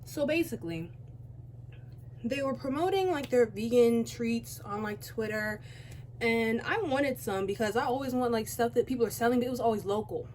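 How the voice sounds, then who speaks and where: Teenage girl, casual makeup vlog, rambling storytelling, slightly high voice, faint background hiss. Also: moderate pace, darkish tone. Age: teens. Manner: rambling, chatty, self-interrupting. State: out of breath. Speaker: beauty vlogger. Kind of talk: casual storytime chat while doing makeup. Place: home, by a window.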